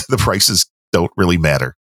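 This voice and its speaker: A deep, slightly breathy male voice at a measured pace comes through a dry, clean studio recording. The speaker, a Midwestern American podcast co-host, chats casually and tells animated stories, laughing often and doing imitations of others.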